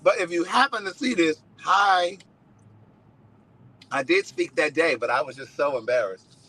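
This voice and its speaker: A man hosting a casual live stream, telling stories in an animated way and swearing freely. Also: fairly high pitch, unhurried, slightly rough, low-quality recording. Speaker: host.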